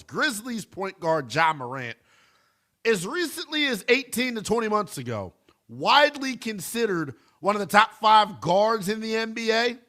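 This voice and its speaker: Animated male sports radio host. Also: high voice. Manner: animated, emphatic, talks to listeners as brother. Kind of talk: call-in sports radio talk. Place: radio studio.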